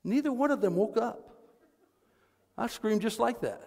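High-voiced, impassioned male preacher. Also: animated, a little slow, creaky, big-room sound. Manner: impassioned storytelling, building to fervent shouting. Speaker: pastor. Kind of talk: sermon. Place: church sanctuary.

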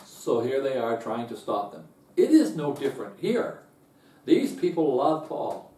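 A man's voice: very animated, measured pace, roomy sound, distant mic. Earnest man teaching a Bible lesson. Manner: earnest, repeats words and restarts often; rises in pitch and loudness when stressing a point.

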